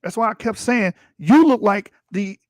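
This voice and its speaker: He's a livestream host with a high voice, lively intonation and normal speed, reading textbook passages and pushing back against them in an increasingly heated, profane way. The streaming mic recording is dry.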